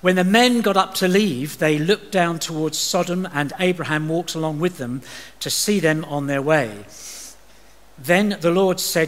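A man's voice: fairly high pitch, unhurried. An English man preaching a sermon, reading scripture with chatty, joking asides. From England. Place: church. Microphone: livestream recording. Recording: long church reverb.

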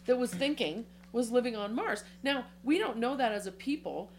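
A woman co-hosting a casual comedic chat, ranting with animated, profane energy. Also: on the high side, moderate pace, slight background noise.

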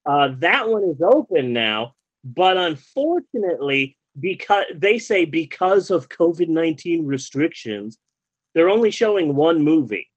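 A man's voice: a little high, sing-song, measured pace, husky, low-quality recording. A man in his thirties, a podcast host, ranting in casual chat with lots of swearing and exasperation.

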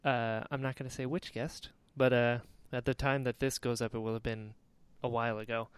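A man from North Carolina hosting a podcast, chatting in a relaxed, friendly way and laughing often. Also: mid-range voice, fairly quick, clean tone, no echo. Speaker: podcast host. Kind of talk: casual chat. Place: home studio in Florida, dry sound.

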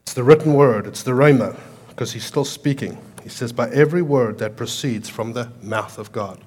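A man preaching a sermon, swinging from loud, emphatic lines to quiet storytelling, with an accent that sounds foreign to American ears. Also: mid-range voice, normal speed. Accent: foreign to American listeners. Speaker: pastor.

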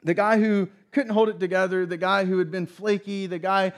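High-voiced preacher telling a story. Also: male voice, flat delivery, normal speed. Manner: storytelling, acts out voices in retelling. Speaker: pastor. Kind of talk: sermon.

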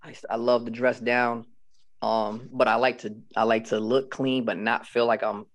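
A man's voice: mid-range voice, level tone, normal speed. A man guest on a radio show, talking about his brand in a rambling way with many restarts. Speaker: guest, clothing brand owner. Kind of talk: casual radio interview. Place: radio studio.

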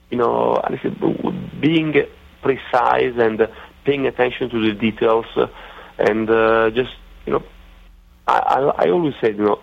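A man with an Italian accent, a racing driver guest on a radio interview, talking haltingly with many fillers and restarts. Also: mid-range voice, vocal fry. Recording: dull lo-fi radio audio.

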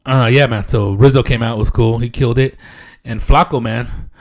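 A man's voice: mid-range voice, steady tone, normal speed. A middle-aged man hosting a comedy podcast, rambling casually in slang and profanity and laughing often.

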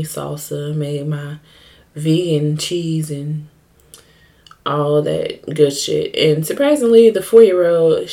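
Slow-talking, low-voiced woman podcaster. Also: mellow. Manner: candid, profane, joking storyteller. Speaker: podcast host. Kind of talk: casual solo podcast chat.

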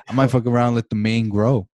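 A man's voice: medium pitch, steady tone, normal speed, crowd noise. A young man, a podcast co-host, on a video call, ranting with mock passion and a lot of swearing. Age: young adult. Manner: dramatic mock-passionate rants, heavy swearing. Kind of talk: casual chat over video call.

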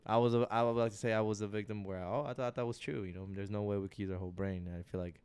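Laid-back low-voiced male podcast host. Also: fairly even intonation, racing, darkish tone, smooth. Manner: laid-back, rambling, joking. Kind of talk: casual podcast chat.

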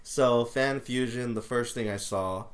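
A man co-hosting a casual podcast, talking in a relaxed, matter-of-fact way with hesitant fillers. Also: medium pitch, measured pace. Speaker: podcast co-host. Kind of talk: casual chat.

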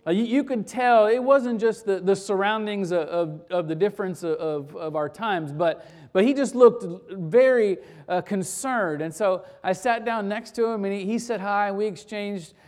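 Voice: medium pitch, normal speed, few pauses, a little mellow. A pastor leading a closing prayer and telling an anecdote in a conversational sermon, often restarting phrases. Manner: conversational storytelling with frequent restarts.

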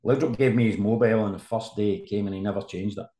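Low-voiced man spinning a yarn. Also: fast talker, dark tone. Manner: rambling, storytelling with restarts. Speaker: guest, sports journalist. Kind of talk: casual anecdote telling. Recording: roomy echo.

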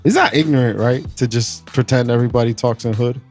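A man's voice: medium pitch, fast talker, soft background music. A young man in casual, slangy banter with friends, laid-back and often laughing. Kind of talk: casual chat among friends.

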